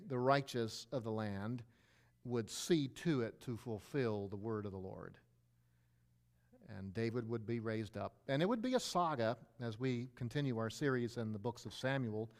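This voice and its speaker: A male pastor giving a sermon, explaining with everyday examples and rhetorical questions, shifting his pitch and pace for emphasis.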